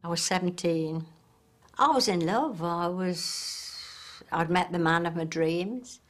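Brief: elderly woman, lowish voice, earnest reflective recall. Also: slow. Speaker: interviewee. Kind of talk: reminiscing interview.

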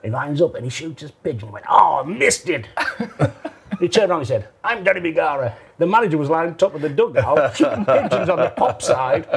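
A man's voice: fairly high pitch, expressive, fast, slightly rough. A man who used to play football, telling training-ground stories in a casual interview, laughing often and acting out the dialogue. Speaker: former footballer.

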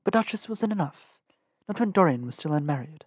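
A man's voice: on the high side, animated, fairly quick, slightly rough, no room sound. Male audiobook reader, dry sound. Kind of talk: fan audiobook narration.

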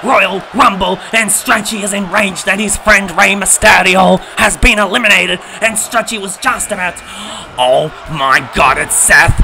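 A man calls a wrestling video game live, his high voice breaking into shouts and laughter. There is a gravelly edge to his voice. The stream audio carries steady background noise. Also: a little slow. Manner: shouts play-by-play, laughs often. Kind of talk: excited live game commentary.

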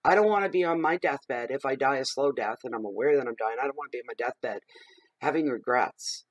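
A middle-aged man giving a general tarot reading, expressive and emphatic, working himself up as he talks. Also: mid-range voice, brisk, no echo, poor audio. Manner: expressive and emphatic, gets riled up. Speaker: tarot reader.

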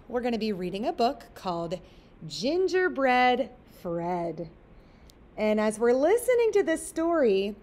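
A school librarian speaking to young children in a recorded lesson, explaining things step by step. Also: female voice, mid-range voice, darkish tone. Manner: friendly teacher explaining step by step.

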